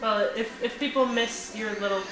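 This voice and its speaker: A young woman from Canada chatting casually while gaming, wry and quick to laugh. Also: a little high, fairly even intonation. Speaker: co-host. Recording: echoey room. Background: game music.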